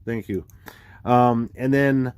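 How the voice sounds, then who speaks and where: A man explaining dates and numbers on screen in a rambling, excitable way, full of fillers and sudden exclamations. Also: medium pitch, slow pace, clean tone, dry recording. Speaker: video creator explaining number theories. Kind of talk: casual screen-share commentary.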